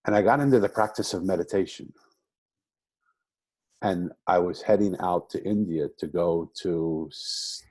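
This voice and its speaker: A man's voice: deep voice, dark tone, husky, no room sound. An older man, a rabbi, telling his life story in an interview, reflective and rambling with many restarts. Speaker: guest, rabbi.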